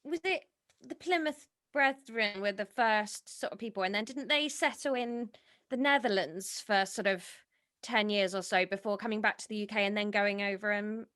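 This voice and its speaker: A woman's voice: mid-range voice, a bit bright. Chatty West Country woman host. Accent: West Country English. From West Country England. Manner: chatty, quick to joke and react. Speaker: podcast host. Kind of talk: casual chat.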